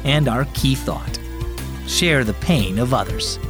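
A man's voice: mid-range voice, expressive, takes it slowly, music in the background. A man hosting and narrating a children's devotional program with scripted storytelling in an upbeat, emphatic way. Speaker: host.

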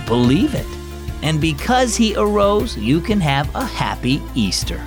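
Expressive male children's story narrator. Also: fairly high pitch, unhurried, over music. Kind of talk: scripted narration for a children's devotional.

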